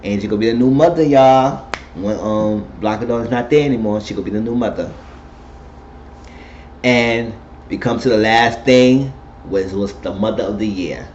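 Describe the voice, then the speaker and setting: A man giving a casual, animated spoken recap of a TV episode, retelling scenes and quoting the characters. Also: lowish voice, normal speed. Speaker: TV recap host. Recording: dull lo-fi recording with faint noise.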